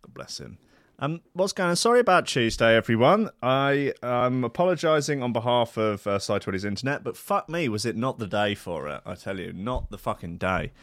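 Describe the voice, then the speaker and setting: A man hosting a radio show alone, rambling in a sardonic, sweary way, swinging from loud asides to mutters. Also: mid-range voice, expressive, normal speed, no echo, studio quality. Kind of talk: rambling solo radio banter.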